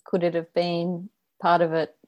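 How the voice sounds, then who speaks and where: A woman interviewer asking gentle, probing questions. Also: on the low side, completely flat delivery, measured pace.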